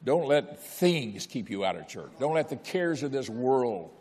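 A man's voice: mid-range voice, very animated, measured pace, a little mellow, slightly rough, long reverb tail. An older man preaching a sermon, exhorting with repetition and telling folksy personal stories. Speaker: pastor.

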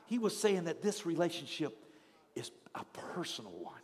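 A male pastor preaching a sermon in a dramatic storytelling manner, swinging from hushed tones to shouts. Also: a little high, sing-song, measured pace. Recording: long hall reverb, faint crowd.

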